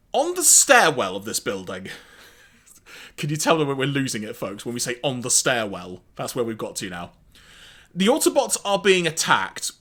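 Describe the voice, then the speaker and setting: A man co-hosting a podcast, recapping an episode in a casual, animated way with wry asides and laughs. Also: on the high side. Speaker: podcast co-host.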